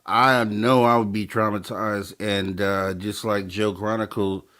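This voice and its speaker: A man hosting a podcast interview, asking halting questions full of fillers. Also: lowish voice, level tone, a bit bright. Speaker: podcast host. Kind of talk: casual interview chat.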